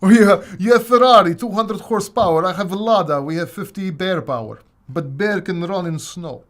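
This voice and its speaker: A man's voice: sits high, extremely slow, darkish tone. A man putting on a boastful mock-Russian tough guy. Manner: broken, clipped phrasing, joking bravado.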